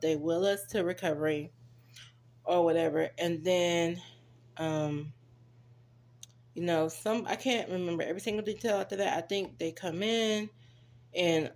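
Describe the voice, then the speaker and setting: A young woman casually telling her own story to viewers, chatty and direct, acting out what others said. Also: fairly low pitch. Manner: chatty, addresses viewers as y'all, acts out quoted voices.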